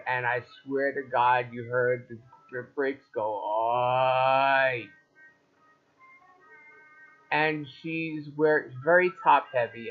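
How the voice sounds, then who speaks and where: Tinny-sounding man telling comic stories. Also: mid-range voice. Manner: wry, deadpan storytelling with acted-out quotes. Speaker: stand-up comedian. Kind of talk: stand-up storytelling. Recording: tinny phone-like live video with faint music.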